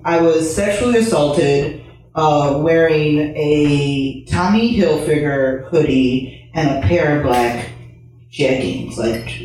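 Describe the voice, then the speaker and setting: A woman's voice: sits low, a little mellow. A woman tells a personal story in a blunt, profane, candid way, breaking into laughing asides. Her voice sits in a very echoey room. She is some distance from the mic. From Chicago. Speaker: storyteller on stage.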